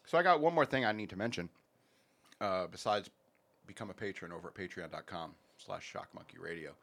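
A man's voice: low-pitched, brisk, gravelly, fairly bright tone. A man hosting a casual podcast, rambling and joking through sponsor reads with plenty of fillers. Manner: rambling, jokey, many fillers. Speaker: podcast host.

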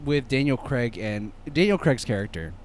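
A man's voice: mid-range voice, animated, normal speed, slight background noise. Rambling male podcast co-host. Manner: rambling, filler-heavy, self-correcting. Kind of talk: casual chat.

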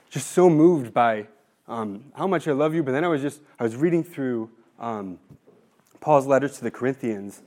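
Young guy in his 20s, nervous and teary, lots of ums and pauses, heartfelt talk. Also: mid-range voice, darkish tone. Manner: nervous, halting, with many pauses and fillers. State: tearful, voice breaking. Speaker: speaker giving a formation talk. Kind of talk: heartfelt talk to a faith community.

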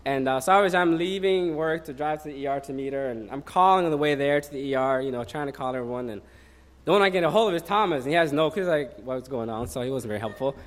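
A man in his thirties preaching a sermon in a relaxed, conversational way, telling a personal story with many fillers. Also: medium pitch, fast.

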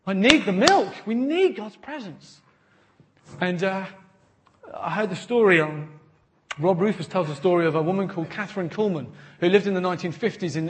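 A man preaching a sermon, earnest and animated, often repeating words as he builds to a point. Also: sits high, slight background noise. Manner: animated storytelling with acted quotes. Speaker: pastor.

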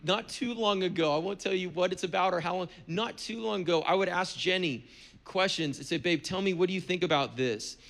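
A man's voice: high voice, brisk, gravelly, fairly bright tone. A middle-aged man, a pastor, preaching a sermon in an earnest, conversational way with touches of humor.

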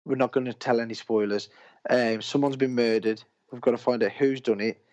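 This film podcast co-host has a steady, medium-pitched, slightly mellow voice and talks fairly quickly in casual chat. Excited and meandering, he often breaks off mid-thought, and the recording sounds dull and lo-fi.

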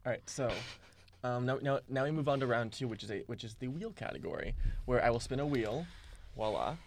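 A young man hosting a casual movie trivia game, reading questions slowly and deliberately. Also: mid-range voice, animated, slight background noise. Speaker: quiz host.

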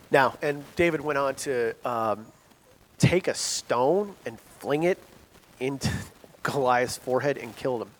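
A man preaching a sermon in a conversational, animated storytelling manner, in a church hall. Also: medium pitch, unhurried. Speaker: pastor. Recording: long hall reverb.

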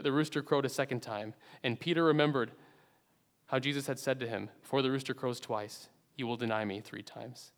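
A man preaching a sermon in an earnest, dramatic way, rising to loud emphasis and then dropping to hushed low endings. His voice sits at a middle pitch and rings out with a long reverb, as in a large church sanctuary.

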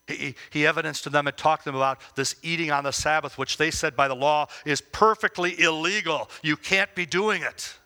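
A man giving devotional Bible teaching, emphatic, with rhetorical questions and slow, stressed phrases. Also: on the high side, pushed and bright. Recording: long reverb as in a hall.

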